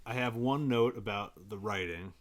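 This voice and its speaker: A man co-hosting a podcast, chatting casually about a book and breaking into playful shouted impressions. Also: on the low side, moderate pace. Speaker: podcast co-host.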